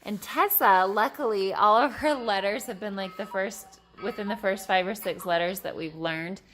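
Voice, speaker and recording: A thirtysomething mom speaks at a moderate pace in a medium, slightly bright voice, with soft music playing behind her. Chatting at home for a vlog, she rambles about teaching her kids, full of "like" and false starts. She breaks into sing-song praise for her children along the way.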